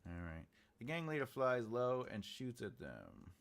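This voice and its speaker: A man chats casually with viewers while outlining a story, muttering notes to himself between jokes. His pitch moves a lot, rising and dropping from one phrase to the next. Keyboard clicks sit behind his voice. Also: huge pitch swings, measured pace. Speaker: author livestreaming his writing process.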